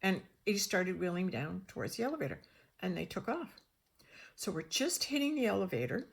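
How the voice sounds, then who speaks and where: A woman telling a personal story in an animated way, often restarting her sentences and acting out the voices of the people she quotes. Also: mid-range voice, moderate pace, creaky, husky.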